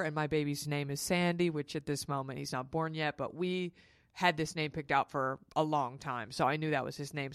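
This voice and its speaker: Brief: woman, low voice, dry close mic, candid profane storyteller. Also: clear, resonant tone, no room sound. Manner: frank and profane, quick asides. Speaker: podcast host.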